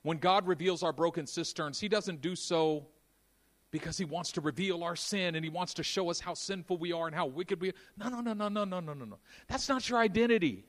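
A man preaching a sermon, moving between quiet intimate passages and loud, fervent stretches. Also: on the high side, fairly quick. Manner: dynamic, swings from hushed to shouting.

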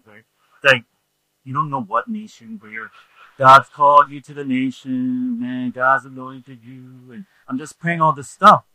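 A male preacher telling a story in a sermon, animated and acting out the scenes with shouts. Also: medium pitch, a little slow, no echo, rough recording.

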